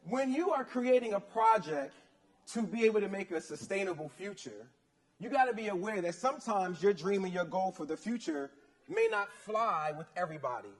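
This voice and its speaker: A man giving an energetic motivational speech at a youth conference, rousing the crowd into call-and-response. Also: sits high, normal speed, low-quality recording. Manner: energetic, rousing, asks audience to repeat. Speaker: motivational speaker. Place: conference stage.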